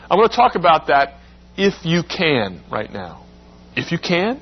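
A man's voice: mid-range voice, husky, lo-fi sound. A man preaching a sermon, explaining scripture with everyday examples and acting out the quoted lines. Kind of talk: sermon with Bible exposition.

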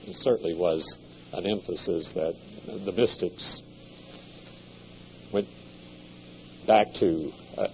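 Deep slow guy lecturing at a seminary, kinda muffled lo-fi recording w/ faint hum. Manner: measured, deliberate delivery with occasional hesitations. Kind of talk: classroom lecture.

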